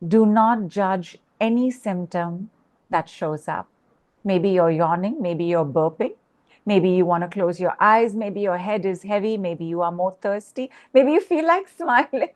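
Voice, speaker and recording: Slow-spoken woman leading affirmations. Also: mid-range voice, lively intonation, a little mellow. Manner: slow, repetitive, instructive. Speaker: spiritual coach leading a group call. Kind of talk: guided group exercise with chanted affirmations.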